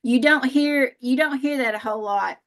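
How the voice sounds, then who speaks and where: A woman's voice: sits high, moderate pace. A woman from Northern Alabama with a Southern accent, speaking on a live panel in a folksy, self-deprecating way and laughing often. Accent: Southern American. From Northern Alabama, USA. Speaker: panel speaker, spiritual practitioner.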